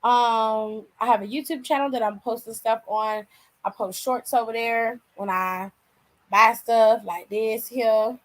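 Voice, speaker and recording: A woman's voice: a little high, steady tone, unhurried, low-quality recording. A woman hosting a wrestling channel, chatting casually and slangily with viewers on a live stream while tired and yawning.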